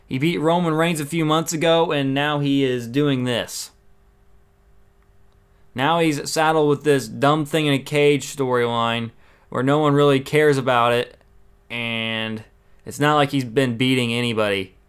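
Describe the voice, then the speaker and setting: A man's voice: mid-range voice, fairly even intonation, a little slow, clean tone. A man giving a casual, opinionated recap of a wrestling show, with exasperated asides.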